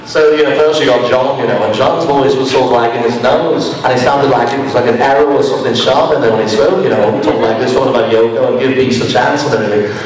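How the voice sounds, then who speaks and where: A man, a voice actor, telling an animated anecdote in an interview and slipping into quick impressions. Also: mid-range voice, crowd noise. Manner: animated storyteller, slips into impressions. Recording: echoey hall from far off, faint noise.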